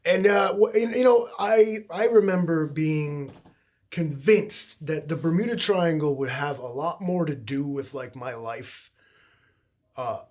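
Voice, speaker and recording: A fairly high-pitched, slightly mellow male voice speaks a bit slowly as a young man co-hosts a livestream. He rambles casually and meanders easily, filling his talk with plenty of likes and ums.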